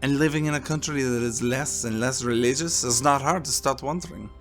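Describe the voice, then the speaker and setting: A man voicing a calm priest with a French accent, speaking warmly and slowly in a soft, deep voice. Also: soft background music, lightly acted. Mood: musing. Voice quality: warm and deep, soft-spoken. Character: priest, calm middle-aged man, gentle talker.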